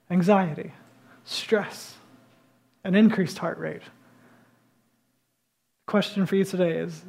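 A man's voice: high-pitched, a little mellow. A male pastor preaching a sermon to his congregation, speaking conversationally and building to emphatic bursts.

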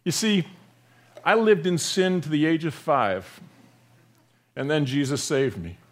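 A man delivers a sermon in a fairly high voice. He builds to loud, emphatic peaks, then drops to a near-hushed softness. His delivery stays conversational and direct throughout. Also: very animated, measured pace. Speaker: pastor.

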